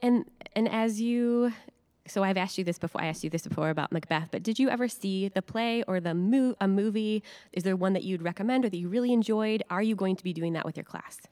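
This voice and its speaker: A woman's voice: medium pitch, a little fast, dark tone. A woman hosting a casual interview, asking curious questions in a friendly way. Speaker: host.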